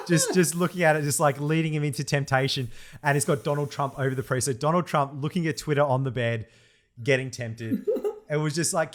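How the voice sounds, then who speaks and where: A young man co-hosting a casual podcast chat, laughing often as he talks. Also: mid-range voice. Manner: laughs often, animated, says "mate" a lot. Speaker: podcast co-host.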